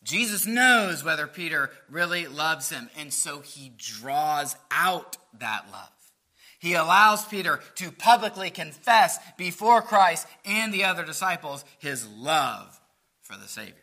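A man's voice: a little high, very animated, measured pace, pushed and bright. A man preaching a sermon, asking rhetorical questions in an earnest, explaining way. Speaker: pastor.

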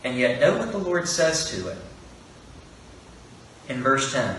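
A man with a mid-range, slightly bright voice delivers an earnest expository sermon, very animated yet unhurried and pausing often. He poses rhetorical questions and acts out quoted speech. The recording comes from far off in a very echoey room with faint background noise.

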